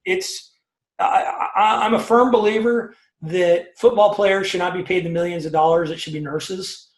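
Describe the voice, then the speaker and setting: A man in his fifties, a guest in a casual interview, tells his own story in a high, steady voice at normal speed. He's talkative and emphatic, full of fillers and tag questions, and the room is echoey.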